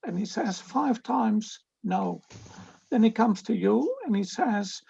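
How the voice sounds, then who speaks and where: A student in an online class slowly putting a question to the teacher, hesitant and partly whispered. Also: mid-range voice, expressive, vocal fry, dark tone, slightly rough, dry recording, lo-fi sound.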